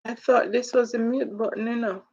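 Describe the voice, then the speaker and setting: Jamaican lady hosting a live chat, reads the comments out loud, drops into patois, kinda muffled lo-fi sound. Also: a little high, steady tone, moderate pace, breathy edge. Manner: reads viewer comments aloud and slips into patois. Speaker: livestream host. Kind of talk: casual livestream chat. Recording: dull lo-fi livestream audio.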